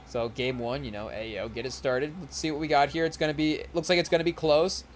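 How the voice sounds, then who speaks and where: A man's voice: on the high side, steady tone. A young man hosting a podcast, chatting loosely about a basketball game as he watches, full of fillers and restarts. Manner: rambling, filler-heavy, tries quick celebrity impressions. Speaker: podcast host. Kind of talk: casual live game commentary.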